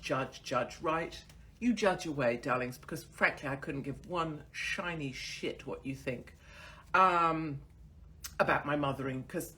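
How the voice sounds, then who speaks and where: A woman's voice: sits low, fairly bright tone. A woman in her forties hosting her own online show, talking in a crude, sardonic and mocking way and swearing freely. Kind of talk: casual ranting monologue to camera.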